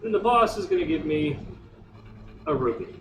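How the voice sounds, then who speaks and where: A man's voice: on the high side, expressive, normal speed, distant mic. A man giving chatty, rambling let's play commentary, recorded off-mic in a roomy space with game music behind. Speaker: gamer streamer.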